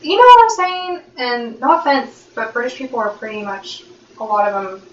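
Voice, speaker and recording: An American woman co-hosting a podcast, talking in a quick, playful, chatty way. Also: on the high side, animated. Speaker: podcast co-host. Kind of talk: casual chat. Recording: echoey, distant, dull room mic.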